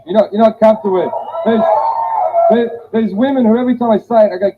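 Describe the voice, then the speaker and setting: A man's voice: very high-pitched, fast talker. A man performing a blunt, profane stand-up comedy set. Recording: tinny phone-like audio with faint hiss.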